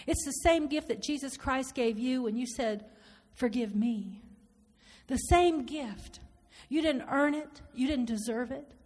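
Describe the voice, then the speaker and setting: Woman, preacher, high-pitched, animated sermon, repeats herself, acts out dialogue, long hall echo. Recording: reverberant hall.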